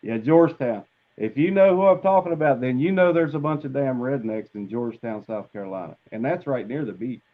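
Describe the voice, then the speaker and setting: A man's voice: medium pitch, lively intonation, fairly quick, narrow, tinny audio. Folksy man. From southern United States. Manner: folksy, easygoing, laughs along. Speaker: guest on a live stream. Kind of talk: casual live stream chat.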